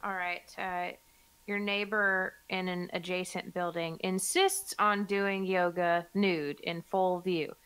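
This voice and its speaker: A woman's voice: lowish voice, level tone, takes it slowly, a bit bright, smooth, no echo. A woman hosting a casual podcast chat, reading out questions playfully and laughing often. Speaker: podcast host asking the questions.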